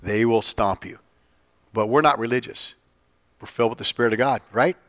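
A man preaching an informal sermon, telling stories, his voice leaping up when he gets excited and falling soft and low for earnest points. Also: normal speed, dry recording. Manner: animated, jumps up in pitch for quoted lines. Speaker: pastor.

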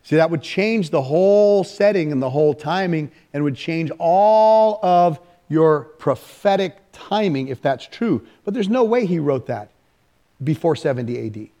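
A man preaching an informal church teaching, animated and conversational, with frequent restarts. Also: fairly high pitch, unhurried. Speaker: pastor.

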